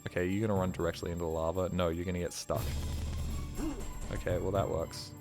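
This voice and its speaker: A man's voice: deep voice, level tone, fast talker, gravelly. A man streaming a video game live, tired and rambling, joking and swearing as he plays. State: tired, ears ringing. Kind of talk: casual live gameplay commentary. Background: game music.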